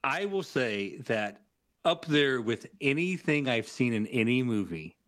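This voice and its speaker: A man guest on a podcast, telling movie scenes in an animated, profane way and laughing at them. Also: medium pitch, unhurried. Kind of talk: casual movie discussion.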